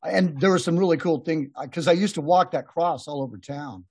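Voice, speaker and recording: Husky guy on a podcast, kinda high voice, dry close sound, rambles thru stories. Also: fairly quick, darkish tone, no echo. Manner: rambling anecdotes with laughs and restarts. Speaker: podcast host. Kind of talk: casual storytelling chat. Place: podcast room.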